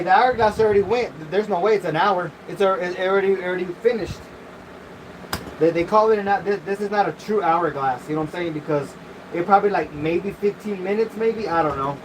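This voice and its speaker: A man's voice: high voice, normal speed, background noise. A man hosting a casual live stream, talking loosely with slang and cursing, filmed on his phone. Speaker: livestream host.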